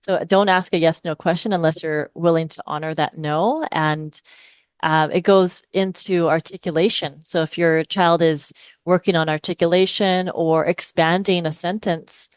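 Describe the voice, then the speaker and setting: Smooth, low-voiced middle-aged woman explaining. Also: fairly even intonation, moderate pace, no echo. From Hawaii. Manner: patient, explanatory, models phrases in a lilting parent voice. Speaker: speech-language pathologist guest. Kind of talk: podcast interview conversation.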